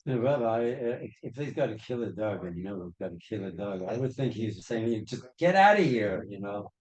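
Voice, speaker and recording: A man's voice: on the low side, brisk, dark tone, rough recording. A man in a study class on a video call, arguing a point and challenging the teacher with questions. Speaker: student in a class. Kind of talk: class discussion.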